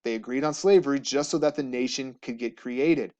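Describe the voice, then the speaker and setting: A man teaching history, giving a relaxed, joking slideshow lecture to students. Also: mid-range voice, a little fast, highs cut off. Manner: casual, jokey, asks students questions. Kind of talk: recorded classroom lecture over slides.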